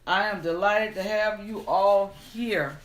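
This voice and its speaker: A woman hosting a live stream, greeting viewers, reading their comments aloud in an unhurried, friendly way, then starting a storybook tale. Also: mid-range voice, echoey room. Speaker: livestream storyteller host.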